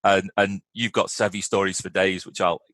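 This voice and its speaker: A man with a lowish voice speaks earnestly in casual chat, often restarting his words before finishing a thought. The sound is dry and close, with little room around it. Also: little pitch movement, moderate pace, a bit bright, no room sound. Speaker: podcast guest and fellow regular.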